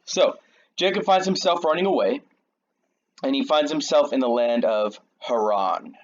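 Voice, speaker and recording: A man's voice: medium pitch, unhurried, lo-fi sound. A man casually retelling a Bible story in a slangy, jokey, conversational way to a young audience. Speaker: youth storyteller.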